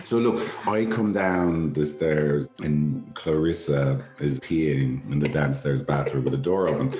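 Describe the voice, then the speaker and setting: A man's voice: a bass voice, a little slow, dark tone. A man co-hosting a podcast, chatting casually and telling a story with amused self-deprecation. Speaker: podcast co-host. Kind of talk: casual chat. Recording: roomy echo with faint music.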